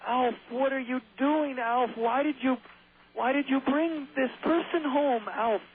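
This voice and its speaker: A man voicing an exasperated middle-aged sitcom dad, scolding in a high, whiny voice over a tinny, phone-like radio broadcast. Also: a little slow.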